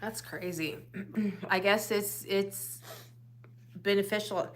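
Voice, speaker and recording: A woman co-hosting a livestream, giving short, relaxed replies in casual chat. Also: medium pitch, takes it slowly, a little hiss or hum. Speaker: livestream co-host.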